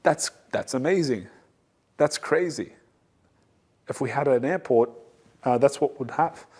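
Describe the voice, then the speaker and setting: A man's voice: medium pitch, measured pace, darkish tone, breathy edge. A man, a reverend hosting his own talk show, speaking casually and animatedly, often repeating his points for emphasis and mixing in jokes. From Assyrian community.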